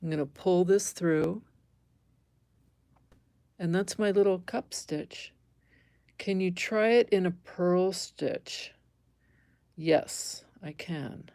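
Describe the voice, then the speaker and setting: A woman's voice: on the low side, slow pace, pauses often, dark tone, no echo. A middle-aged woman teaching embroidery on a live stream, thinking aloud as she stitches, correcting herself and chatting with viewers.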